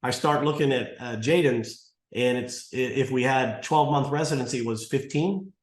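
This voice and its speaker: A man's voice: mid-range voice, normal speed. Man, 60s, interview guest, rambling storyteller with restarts, echoey room. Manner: rambling, restarts often, acts out dialogue. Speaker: martial arts school owner, guest. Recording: roomy echo.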